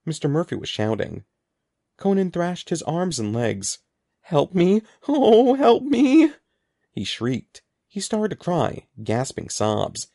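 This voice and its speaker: A man reading a children's story aloud as scripted narration, in a lively, expressive way. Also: medium pitch, vocal fry, no room sound, clean studio sound. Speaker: audiobook narrator.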